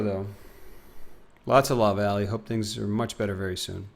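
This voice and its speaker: A man's voice: fairly low pitch, steady tone, fairly quick, vocal fry. A young man streaming a game live, chatting casually and reading out chat messages. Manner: chatty, reads out chat and donations.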